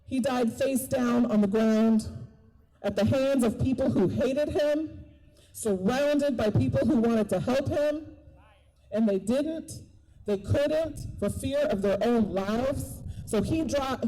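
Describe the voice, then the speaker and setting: In poor audio, a woman with a slightly high, mellow voice speaks at a park protest rally. She's a doula, and her impassioned speech leans on repeated key phrases, delivered earnestly.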